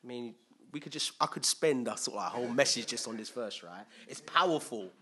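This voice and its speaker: A man preaching a conversational sermon, animated and thinking aloud, switching between loud emphasis and quiet asides. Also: mid-range voice, brisk, slightly rough. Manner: thinks aloud with restarts and acts out quotes.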